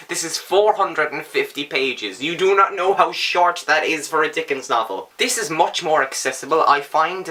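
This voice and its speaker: A young man standing at home, giving casual book reviews in an animated, sarcastic way with mock-outraged outbursts. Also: a little high.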